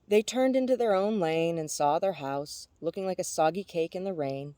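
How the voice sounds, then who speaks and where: A woman reads a novel aloud, steady and even. Her voice is mellow and warm, recorded dry and close. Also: on the low side, moderate pace, hardly any pauses, dry recording. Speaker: audiobook reader.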